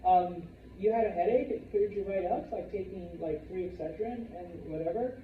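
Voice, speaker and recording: In a high, fairly quick voice, a man lectures a classroom on history, keeping it casual and jokey and acting out people's voices. There's slight background noise, and the recording sounds roomy, distant and dull.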